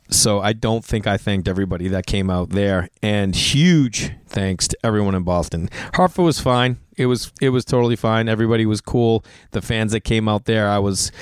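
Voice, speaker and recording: A middle-aged man, a comedian hosting a podcast, chatting casually in a rambling, animated way with lots of restarts and asides. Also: lowish voice, smooth, no echo, studio quality.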